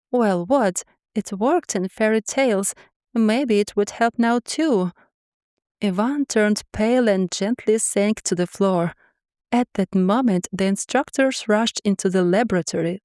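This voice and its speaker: A woman narrating a funny first-person fantasy story in a lively, wry way. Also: mid-range voice, measured pace, no echo, studio quality.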